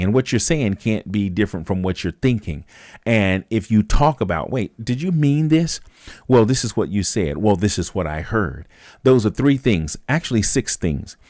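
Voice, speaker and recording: A man's voice: on the low side, a little mellow, no echo, clean studio sound. A man hosting a live talk stream, speaking casually and thoughtfully, with frequent fillers and restarts. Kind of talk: casual reflective monologue.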